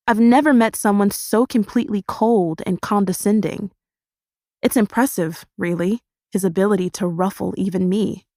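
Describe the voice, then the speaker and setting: A woman reading a first-person audiobook in a steady, expressive storytelling manner. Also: mid-range voice, no echo, studio quality. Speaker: audiobook narrator.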